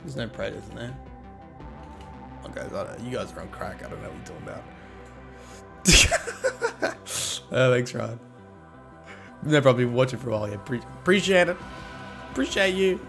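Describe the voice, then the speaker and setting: A man's voice: medium pitch, wildly swooping pitch, moderate pace, vocal fry, long pauses, music in the background. A man streaming a game and chatting casually with his viewers, cheeky and joking as he thanks them and teases the chat.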